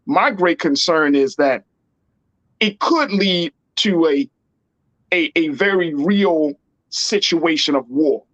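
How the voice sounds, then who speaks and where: A man's voice: fairly high pitch, expressive, slow, fairly bright tone, dry recording, highs cut off. A man hosting a political talk show, speaking in an emphatic, slangy and repetitive way. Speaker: host.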